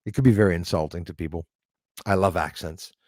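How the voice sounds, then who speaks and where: A man's voice: low-pitched, brisk, a little mellow, no echo, clean studio sound. A man, hosting a live stream, ranting with strong opinions and greeting viewers by name. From Canada. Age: 40s. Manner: ranting, opinionated, laughs between remarks. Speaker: livestream host. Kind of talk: casual live-stream chat reading viewer comments.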